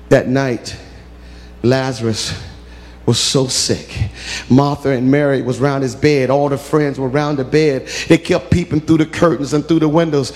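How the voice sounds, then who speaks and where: A man preaching a sermon as a story, emphatic, with call-and-response and rising to shouts. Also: mid-range voice, steady tone, normal speed.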